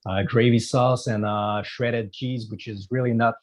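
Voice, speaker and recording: A man's voice: medium pitch, fairly even intonation. Hesitant man. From Quebec. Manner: hesitant, many pauses and fillers. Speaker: musician guest. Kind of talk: casual interview answers.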